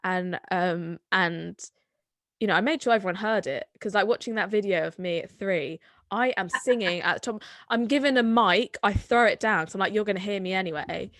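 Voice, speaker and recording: A woman's voice: mid-range voice, normal speed, fairly bright tone, no echo. Chatty young Somerset woman, dry sound. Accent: Somerset English. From Somerset, England. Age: 20s. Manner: chatty, rambling, many fillers. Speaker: guest, singer-songwriter. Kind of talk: casual conversation.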